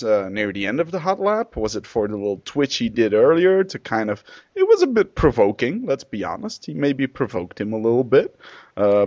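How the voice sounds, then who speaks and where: A man co-hosting a casual motorsport podcast, talking in a jokey way that is lively and full of fillers. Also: mid-range voice. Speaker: podcast co-host. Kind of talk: casual chat. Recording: muffled lo-fi.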